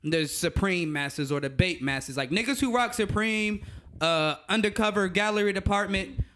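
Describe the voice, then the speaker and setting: A young man with a slightly raised pitch holds forth in a casual podcast chat. He is blunt and opinionated and swears freely. His slang-heavy delivery makes every take sound certain. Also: moderate pace, fairly bright tone, slight background noise. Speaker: podcast co-host.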